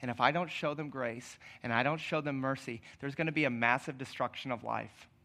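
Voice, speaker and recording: A preacher voicing God, hushed and tender. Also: male voice, medium pitch, a little fast, voice pushed down. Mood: tender pleading. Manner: hushed, gentle, pleading. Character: God, a tender, pleading divine male voice. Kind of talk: sermon.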